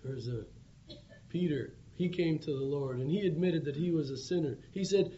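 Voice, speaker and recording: Earnest, pleading male preacher, mellow tone. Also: sits high, moderate pace. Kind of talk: evangelistic sermon. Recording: dull lo-fi recording with faint background hum.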